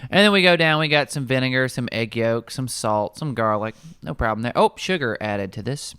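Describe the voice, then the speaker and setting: A young man, a nutrition coach, chatting casually in an office kitchen, reading out ingredient lists in a wry, animated way. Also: medium pitch, brisk, clean tone, no echo, clean studio sound.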